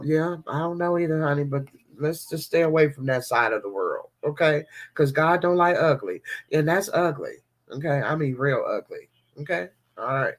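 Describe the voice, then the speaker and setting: Animated woman hosting a devotional vlog. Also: fairly low pitch. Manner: animated, chatty, talks straight to viewers. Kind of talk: casual devotional chat to viewers.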